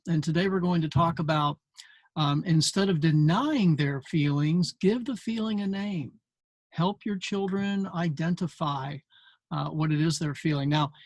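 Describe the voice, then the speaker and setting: A man's voice: on the high side, no room sound. An older man hosting a parenting show, explaining a book in an earnest talk with many fillers. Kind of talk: casual talk to camera.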